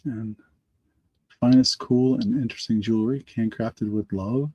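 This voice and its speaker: A middle-aged man runs a live auction stream with a lowish, husky voice that sounds congested. He rambles, restarts his sentences and chats to viewers by name. The sound is close and dry. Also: steady tone, unhurried, dry recording, highs cut off. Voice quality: slightly raspy. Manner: rambling, self-correcting, talks to chat viewers by name. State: congested from allergies.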